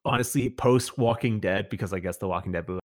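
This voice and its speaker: A man's voice: lowish voice, fast talker, no echo, clean studio sound. A man in casual chat, recommending a show with rambling enthusiasm, full of restarts and fillers.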